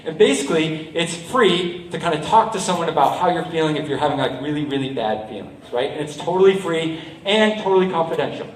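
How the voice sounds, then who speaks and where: A man giving a lively motivational talk to a school assembly as a speaker and juggler, often checking in with "right?" and "okay?". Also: fairly high pitch, fairly quick, slight background noise. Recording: roomy hall, mic from a distance.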